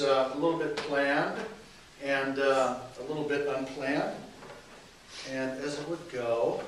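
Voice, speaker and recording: Man, informal sermon, rambling, lots of fillers, animated pitch, distant mic, echoey hall, faint hiss. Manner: rambling, with many fillers and restarts. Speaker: minister giving a talk. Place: church meeting hall.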